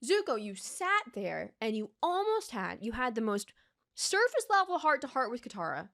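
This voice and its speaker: A young woman rants into her desk mic in a heated, profane reaction commentary. Her voice sits a little high and rings bright and forceful. She sounds worked up, firing her lines straight at the character. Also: big pitch swings, moderate pace, creaky. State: worked up and sweating. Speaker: reaction video host. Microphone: desk microphone.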